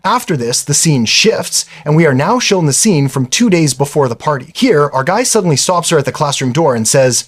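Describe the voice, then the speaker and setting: A chatty male narrator retelling an anime episode in a casual storytelling way. His voice sits a little high and swings up and down with lots of animation. He talks to the listener like a friend. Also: sing-song, normal speed, few pauses. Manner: chatty, says "brother" and "literally".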